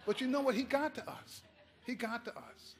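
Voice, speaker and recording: A man giving a keynote speech, telling a story in an impassioned, animated way. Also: very high voice, moderate pace, long reverb tail. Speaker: keynote speaker.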